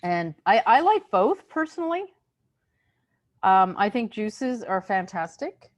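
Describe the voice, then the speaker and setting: A woman's voice: medium pitch, sing-song, slow. A woman co-hosting a casual chat about diet, chiming in often and speaking with enthusiasm. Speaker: co-host.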